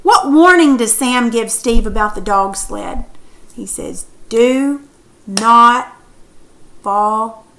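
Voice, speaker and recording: A woman's voice: fairly high pitch, expressive, unhurried, creaky, a little hiss or hum, rough recording. A woman teacher reading a story aloud and then asking questions about it patiently.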